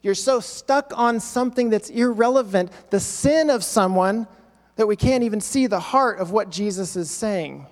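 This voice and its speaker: A man's voice: high voice, moderate pace, long reverb tail. A male pastor preaching a sermon, acting out quoted voices with emphatic repetition.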